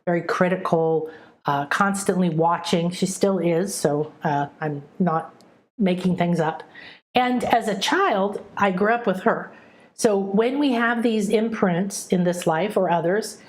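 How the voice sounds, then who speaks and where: A middle-aged woman speaks as a spiritual teacher, earnest and emotive. She weaves personal stories into her lesson and often checks in with her listeners. Her voice sits at an ordinary, mid-range pitch.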